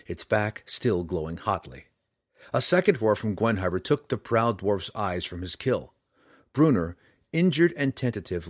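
A man narrates a fantasy tale with dramatic, expressive delivery, his low voice rising and falling widely across each sentence. The recording is close and dry, with no room sound around him. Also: no echo. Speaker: audiobook narrator.

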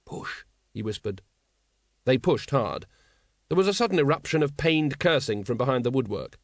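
A man reading a story aloud as an audiobook narrator, in a steady storytelling manner. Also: mid-range voice, a little fast, dry recording, studio quality. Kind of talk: scripted narration.

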